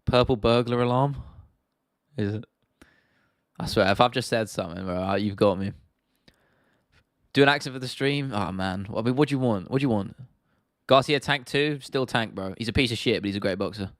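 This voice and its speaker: A man's voice: fairly low pitch, moderate pace, pauses often, clean tone, no echo, studio quality. A young man with a London accent hosting a casual livestream Q&A, chatting loosely as he reads and answers viewer comments. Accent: London English. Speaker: livestream host.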